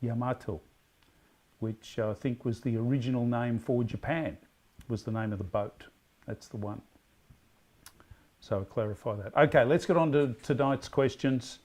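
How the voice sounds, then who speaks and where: A man with an Australian accent hosting a casual pub quiz, reading questions slowly and emphatically, then rambling and correcting himself. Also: mid-range voice, darkish tone. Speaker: quiz host.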